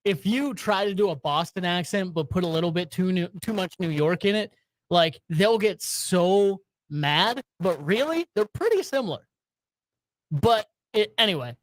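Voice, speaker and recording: A man's voice: high voice, animated, moderate pace, no echo. A man with a Southern accent that has some northern traces, co-hosting a sports podcast in a laid-back, agreeable way. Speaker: podcast co-host. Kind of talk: casual sports podcast chat.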